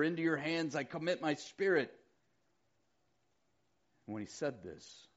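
Lively middle-aged male preacher. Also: mid-range voice, muffled recording. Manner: conversational, animated storytelling preacher. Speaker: pastor. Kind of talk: sermon.

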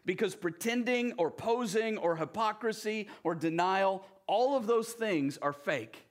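A man preaching a sermon in a conversational way, often turning to the listeners with quick asides. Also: high-pitched. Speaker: pastor.

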